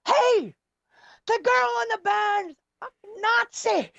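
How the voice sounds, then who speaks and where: A woman voicing a loud, drunk young woman at a bar, shrill and excited. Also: normal speed, muffled recording. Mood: shouting.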